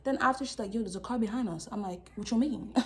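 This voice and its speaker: A young woman telling a casual storytime vlog, animated and full of slang, acting out quotes with laughs. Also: on the high side, fast, a little hiss or hum. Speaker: vlogger.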